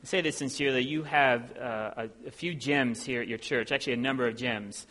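A man from Ohio preaching as a visiting preacher, talking in a relaxed, self-deprecating way with plenty of ums. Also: mid-range voice, brisk. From Ohio, USA. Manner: conversational and self-deprecating, with many filler sounds. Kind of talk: sermon. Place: church sanctuary. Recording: long hall reverb in a church.

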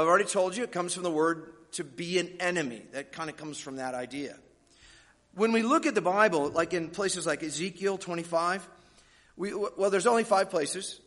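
A man's voice: high voice, fairly bright tone. A male pastor preaching a sermon, explaining scripture with folksy joking asides to the congregation. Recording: long hall reverb.

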